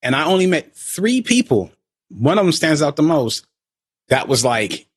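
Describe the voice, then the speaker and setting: A man's voice: on the high side, sing-song, moderate pace, slightly rough, dry recording. A man in casual podcast chat who tells a story with animation and acts out the people he quotes. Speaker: podcast co-speaker.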